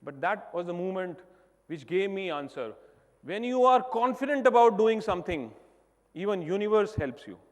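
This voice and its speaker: A high-pitched Indian man speaks from a stage in a large hall, and his voice carries a long reverb. He tells his story emphatically, rising to loud bursts and dropping to near-quiet passages. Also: big pitch swings, moderate pace. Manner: emphatic storytelling, swings between loud and soft. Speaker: keynote speaker. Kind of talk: motivational stage talk.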